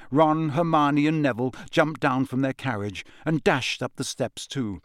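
Here a man with a mid-range voice gives scripted narration of a fantasy audiobook, his storytelling measured and expressive. It's recorded to studio quality with no echo.

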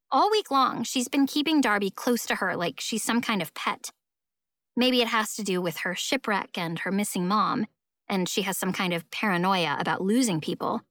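Woman, audiobook narration, wry and expressive, somewhat high voice, soft music underneath. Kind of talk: first-person scripted narration.

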